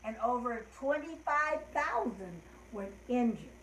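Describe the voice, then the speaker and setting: An older woman hosting a children's show, gently and heartfeltly telling a story and leading rhymes. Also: a little high, big pitch swings, a little slow, a little hiss or hum. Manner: gentle, heartfelt, trailing off softly. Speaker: host. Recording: roomy echo.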